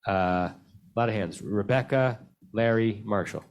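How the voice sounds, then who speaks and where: A rabbi leads a conversational text study class for his synagogue over a video call, calling on participants by name and answering their questions thoughtfully. He speaks in a fairly low, unhurried voice, and the discussion centers on the Bible.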